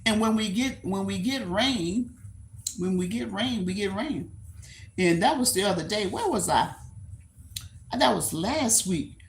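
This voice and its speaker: Gravelly older Texan woman chatting live. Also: medium pitch, expressive, a little slow, long pauses, a little hiss or hum. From Texas. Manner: rambling, repeats herself, laughs easily; reads and answers viewer comments aloud. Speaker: livestream host. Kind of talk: casual chat with live viewers.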